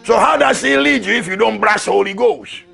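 A man preaching a fiery sermon as an apostle, who shouts, repeats his lines and laughs between them. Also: sits high, moderate pace, vocal fry, husky.

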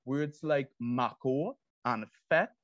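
A man's voice: mid-range voice, takes it slowly, a bit bright, no room sound, muffled recording. A young man from Trinidad and Tobago with a Trinidadian accent, giving an earnest, explanatory student presentation. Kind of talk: academic presentation.

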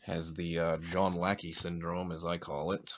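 A man's voice: low-pitched, flat delivery, moderate pace, heavy background noise. A man from Maine with a light New England accent and a slight sore throat, casually calling out player names as he opens packs of cards. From Maine, USA. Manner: reads off player names between chatty asides. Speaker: card-opening channel host. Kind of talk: casual pack-opening commentary.

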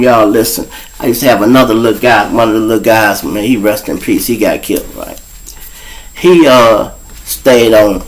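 Chicago dude around 50 hosting his own show, kinda low voice, cussing, telling street stories straight to the listeners. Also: rough recording. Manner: profane, blunt, addresses listeners directly, acts out voices loudly. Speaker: show host. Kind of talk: street storytelling monologue.

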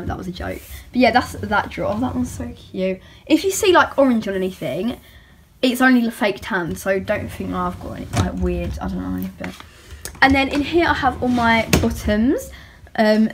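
A young woman talks casually in her bedroom with a slightly high voice. She rambles along with plenty of fillers and little giggles. Her voice has the easy, chatty feel of a bedroom tour vlog. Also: slight background noise. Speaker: vlogger.

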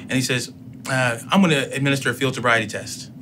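A man telling a personal story in casual talk, acting out both sides of the dialogue with lively emotion. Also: mid-range voice, quick pace, background noise. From United States. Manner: animated retelling, acts out both sides of dialogue. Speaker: podcast guest.

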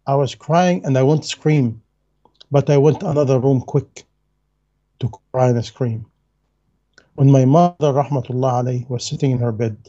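Dark husky lecturing man, earnest. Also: medium pitch, normal speed, lo-fi sound. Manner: earnest, emphatic, repeats key phrases; non-native English grammar. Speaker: Islamic lecturer. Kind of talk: religious lecture.

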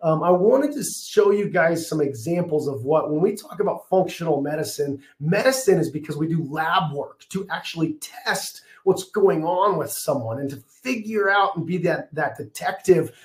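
A man in his thirties giving a passionate, fast, emphatic webinar presentation from his office, his voice a bit strained. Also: a little high, expressive, roomy sound. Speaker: functional medicine practitioner presenting a webinar.

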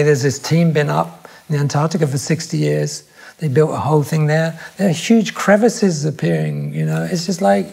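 An older man, a podcast guest speaking thoughtfully in reflective conversation, pausing and restarting his sentences. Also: fairly high pitch, gravelly, a little mellow. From England.

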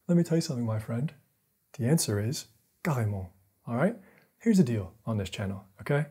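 A man's voice: mid-range voice, expressive, fairly quick, dark tone, breathy edge. A man narrating a video essay, shifting between playful self-mockery and dramatic storytelling.

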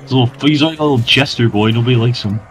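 A man's voice: mid-range voice, rapid-fire. A man playing a game with friends, teasing and insulting them crudely and swearing constantly. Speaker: co-player. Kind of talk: casual gaming chat.

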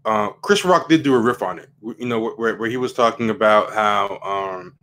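A man's voice: lowish voice, moderate pace, a bit bright, a little hiss or hum. A man hosting a livestream, giving casual opinion commentary in a rambling way, with frequent fillers and emphatic rising questions. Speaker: livestream host.

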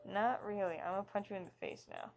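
A woman's voice: mid-range voice, quick pace, vocal fry, a little mellow, faint music behind. A woman giving casual, jokey commentary as she plays through a game, reading its text aloud with wry asides. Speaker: let's play host.

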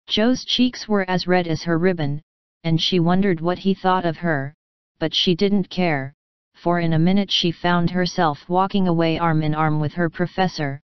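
A woman narrating a classic novel as a bedtime audiobook, with calm, even storytelling. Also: fairly low pitch, clean tone, dry recording. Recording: dry, slightly dull sound.

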